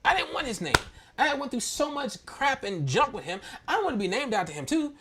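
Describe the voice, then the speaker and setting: A man with a notably high-pitched voice tells a personal story from his own childhood and family life. He talks in a loose, slangy way, laughing as he goes. He speaks like a church talk host. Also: very animated, fairly quick, very noisy. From Maryland, US.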